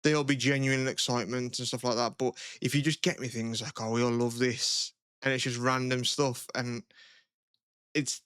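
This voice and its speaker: Co-hosting a podcast in casual chat, a man rambles, saying "like" a lot and swearing. His mid-range voice is steady, clean and fairly bright at a moderate pace, and the recording is dry with clean studio sound.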